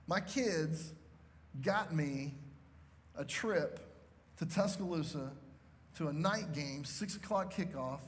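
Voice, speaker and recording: A man's voice: a little high, big-room sound. A man preaching a sermon as pastor, telling a story with emphasis and often checking in with the crowd. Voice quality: emphatic storytelling with frequent "okay?" check-ins.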